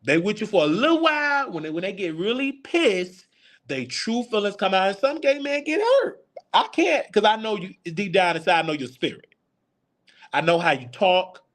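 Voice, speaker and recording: A man's voice: high voice, big pitch swings, moderate pace, fairly bright tone. A man in his thirties hosting a live Q&A, talking candidly about his own life. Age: 30s. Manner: candid, confiding, personal storytelling. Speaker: show host. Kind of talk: live Q&A chat.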